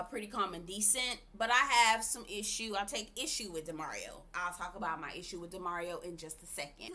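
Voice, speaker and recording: Sassy woman recapping reality TV. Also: on the high side. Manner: sassy, animated, talks straight to viewers with "okay?". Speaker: TV review host. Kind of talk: casual TV recap commentary.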